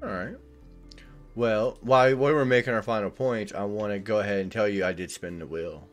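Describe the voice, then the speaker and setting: A man with a Southern US accent hosting a casual podcast chat, relaxed and chatty with fillers. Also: on the low side, fairly quick, faint music behind. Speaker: podcast host.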